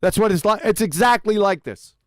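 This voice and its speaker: Loud, high-voiced, mocking male streamer. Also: animated, a little fast, no room sound, studio quality. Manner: mocking, crude, shouting in outbursts. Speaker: livestream host. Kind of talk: profane livestream commentary.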